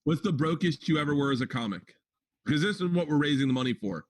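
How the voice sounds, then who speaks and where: A man's voice: fairly high pitch, expressive, quick pace. A man hosting a casual comedy fundraiser chat, telling laid-back stories and swearing freely.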